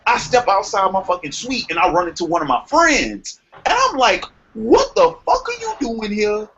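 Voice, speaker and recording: Young man, podcast storyteller, profane, lively pitch, faint hiss. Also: normal speed. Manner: animated, profane, acts out quotes. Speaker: podcast co-host. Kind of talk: casual storytelling chat. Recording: muffled lo-fi sound with faint noise.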